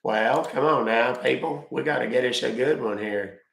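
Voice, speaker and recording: A man's voice: mid-range voice, normal speed, gravelly, heavy background noise. Grumbling, cursing man live-streaming. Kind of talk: casual live-stream chat. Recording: roomy echo.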